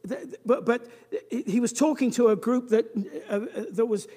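A preacher delivering a sermon in a church, swinging from booming emphasis to a near-whisper, often restarting and repeating words. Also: unhurried, warm tone, long reverb tail.

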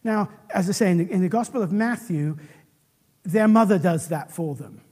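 A man preaching a sermon, animated and often restarting his sentences. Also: high voice, normal speed, slightly rough.

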